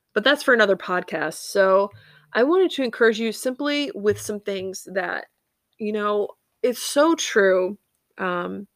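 A woman's voice: medium pitch, fairly bright tone, no echo, studio quality. A woman in her thirties hosting a faith podcast, talking in an earnest, rambling way with many fillers. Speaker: podcast host.

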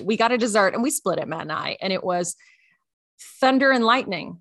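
Bright-voiced woman telling animated stories. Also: mid-range voice, normal speed, vocal fry, long pauses, no echo, studio quality. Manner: animated storytelling with voiced quotes. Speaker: podcast co-host. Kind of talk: casual chat.

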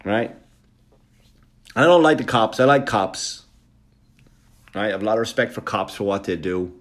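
A man doing stand-up, telling a long story in a quick, animated, profane way. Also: lowish voice. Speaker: stand-up comedian.

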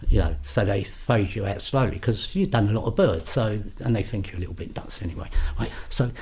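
An older man with a London accent, a podcast guest telling stories in casual chat and acting out the voices of the people he quotes. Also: fairly low pitch. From England. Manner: animated, acts out quoted voices.

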